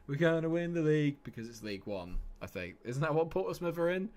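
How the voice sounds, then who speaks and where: A man streaming a football management game live, chatting excitedly and laughing often. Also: fairly high pitch, fairly quick. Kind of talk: casual live game commentary.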